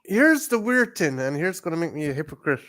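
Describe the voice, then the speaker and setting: A co-host talks through a movie in a loose, rambling way at an ordinary middle pitch. The speech is full of swearing and false starts, and scenes get retold in little acted-out snatches. It is relaxed, unscripted stream chat. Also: fairly quick. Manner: rambling and profane, with many restarts; acts out scenes in quoted voices. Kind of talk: casual movie discussion.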